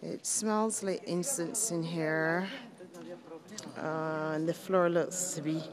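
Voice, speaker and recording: A young adult woman, a student reporter, vlogs on her phone as she walks through a busy church, joking at her own expense in a casual way. Her voice sits low, with a steady tone and a slow pace. The phone picks up the crowd of visitors around her.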